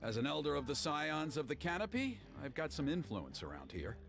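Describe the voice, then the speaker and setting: An actor playing a gruff, suspicious father who is a village elder, in a video game. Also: fairly high pitch, big pitch swings, fairly quick, fairly bright tone, faint music behind, full character voice. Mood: wary. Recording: game soundtrack clearly behind.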